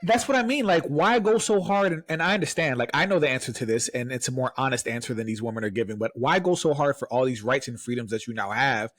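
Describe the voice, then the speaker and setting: A man's voice: medium pitch, fast, few pauses, fairly bright tone, dry recording. A man co-hosting a podcast, arguing emphatically with repeated rhetorical questions in casual talk. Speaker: podcast co-host.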